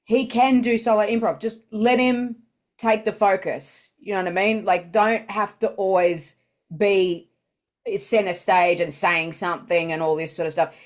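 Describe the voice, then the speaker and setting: A woman's voice: mid-range voice, fairly even intonation, a little slow. A woman improviser chatting through commentary on her show, giving tips with lots of fillers. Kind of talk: casual reaction commentary.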